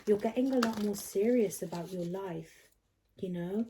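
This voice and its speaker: A young adult woman giving a pick-a-card tarot reading to her viewers. She talks earnestly and encouragingly, often pausing to check in with "okay?". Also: mid-range voice, mellow, slight background noise. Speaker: tarot reader.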